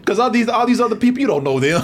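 Animated high-pitched comedic man. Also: rapid-fire, a little hiss or hum. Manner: animated, profane, laughing often. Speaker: podcast host reviewing a film. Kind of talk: comedic film-review banter.

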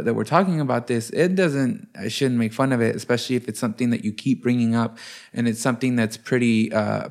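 Halting man with a gravelly voice. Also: medium pitch. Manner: halting, conciliatory, many fillers. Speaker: podcast co-host. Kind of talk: candid couple conversation.

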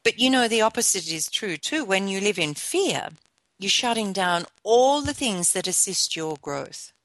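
A woman hosting a motivational talk show, speaking with conversational asides and gentle encouragement. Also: mid-range voice, no room sound. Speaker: show host.

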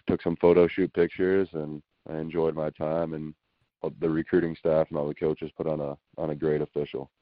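Very deep-voiced young man on a phone. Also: dry recording. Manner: plain, hesitant, many fillers. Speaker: guest football recruit. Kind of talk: phone interview. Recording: dull dry phone line.

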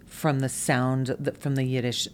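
Woman, Brooklyn-born, stage actress, deep voice, animated storyteller, faint noise behind. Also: measured pace. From Brooklyn, New York. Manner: animated storyteller who mimics regional speech. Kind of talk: casual conversation.

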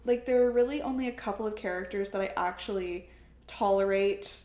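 A woman's voice: mid-range voice, brisk. A young woman chatting casually as a podcast co-host, her voice sitting in the middle of the range. She talks loosely, full of "like" fillers, and the recording carries a roomy echo. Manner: chatty, frequent "like" fillers, animated laughter. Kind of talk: casual chat.

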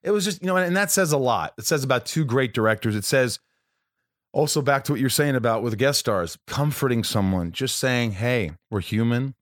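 A man's voice: medium pitch, animated, brisk, fairly bright tone, no echo, clean studio sound. A man hosting a casual podcast, sharing rambling, chatty stories with his guest. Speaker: podcast host.

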